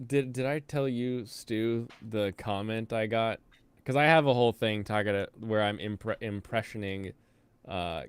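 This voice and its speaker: A male streamer reacts sarcastically in a casual stream, laughing often and breaking into rants. His voice is smooth and resonant. The sound is dry and close. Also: lowish voice, no room sound. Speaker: stream host.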